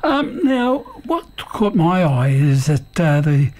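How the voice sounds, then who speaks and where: Mellow-voiced radio hostess. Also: female voice, deep voice, big pitch swings, slow pace. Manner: hesitant, many fillers. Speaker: radio host. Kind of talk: community radio chat.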